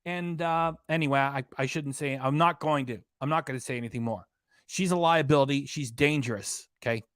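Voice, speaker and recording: A man's voice: medium pitch, a little fast, clean tone, dry recording, studio quality. A man hosting a reaction channel, talking over a livestream with mocking, profane, scornful commentary.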